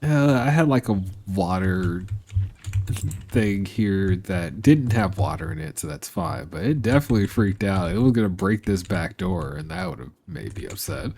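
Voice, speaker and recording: Low-voiced, animated male game streamer. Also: moderate pace, creaky, a little hiss or hum. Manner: talks to chat and to the game animals, laughing and exasperated. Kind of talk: live gameplay commentary.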